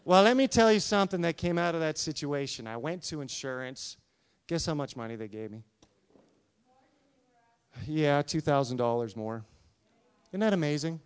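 A man with a high, crisp voice preaches a sermon. He reads scripture and keeps asking his listeners questions, acting out the quotes with animated emphasis. The sound is close and dry. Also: normal speed, long pauses, no room sound. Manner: animated, talks to congregation with questions, acts out quotes. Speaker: pastor.

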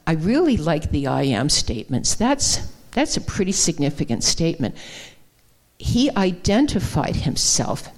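A woman giving a conversational, folksy sermon, with many fillers and restarts. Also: sits low. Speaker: guest speaker. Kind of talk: informal sermon.

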